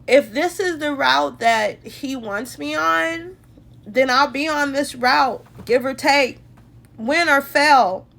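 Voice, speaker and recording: A woman's voice: sits high, takes it slowly, vocal fry, a bit bright. A woman hosting a phone livestream, talking heartfelt and emotional about her faith, calling her viewers y'all. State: tearful at times. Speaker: livestream host.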